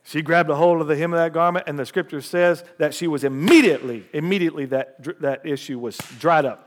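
A man preaching a sermon, reading scripture aloud with rising emphasis and lively call-and-response asides to the congregation. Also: on the high side, fairly quick. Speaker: pastor. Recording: long hall reverb.

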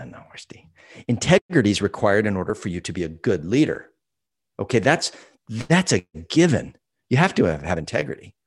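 A man, an author and consultant, answering interview questions in an emphatic storytelling way that repeats key phrases. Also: on the low side.

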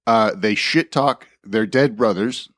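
A man's voice: on the low side, takes it slowly, dry recording, clean studio sound. A man co-hosting a podcast remotely, rambling through a topic with wry humor. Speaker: podcast co-host. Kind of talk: casual comedic chat. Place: calling in remotely.

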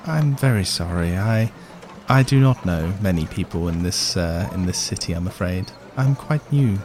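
Man doing a soft-spoken, courteous dwarf. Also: low-pitched, lively intonation, normal speed, music in the background, pitched below the performer's own voice. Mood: gentle. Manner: formal, gentle, apologetic. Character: soft-spoken polite male dwarf, new in town. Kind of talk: voicing a character in a tabletop game.

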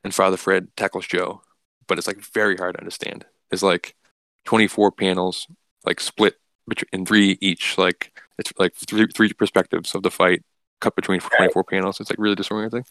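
A man's voice: sits low, little pitch movement, moderate pace, fairly bright tone, dry recording. A man casually recapping a comic book story, rambling with lots of "like" and restarts.

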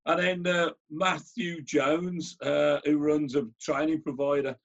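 A man's voice: on the high side, level tone, a little slow, vocal fry, a bit bright, dull audio. A man with a Birmingham accent hosting a conversation, talking casually and often restarting his phrases. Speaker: host and chair.

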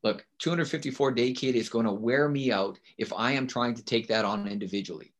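This man's voice sits at a medium pitch and moves briskly. He's a guest on a podcast about teaching, chatting in a relaxed interview style, stressing his points hard and often tossing in "right?" as a rhetorical check-in.

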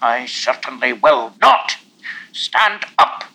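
A man's voice: mid-range voice, sing-song, slow, gravelly, bright, forceful tone, a little hiss or hum, full character voice, rough recording. A man voicing a patient but easily irritated grown man in a storybook reading. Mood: firm.

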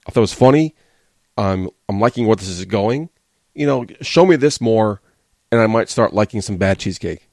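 Gravelly-voiced man giving blunt opinions. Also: lowish voice, animated, normal speed, a little mellow, dry recording, studio quality. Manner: blunt, sarcastic, swears freely. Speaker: wrestling podcast host. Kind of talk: casual opinionated review.

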